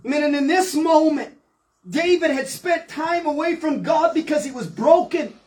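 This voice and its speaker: Fervent high-voiced woman preacher. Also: animated, normal speed, a little mellow, low-quality recording. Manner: fervent preaching, quoting scripture aloud. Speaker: Pentecostal preacher. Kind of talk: sermon.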